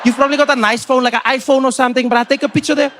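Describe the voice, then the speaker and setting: Man putting on an excited young Cape Town fan with a Cape Town accent. He talks in a high, loud voice that pushes and insists. He is bossy and eager and will not let his point go. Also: very fast, slight background noise. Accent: Cape Town English.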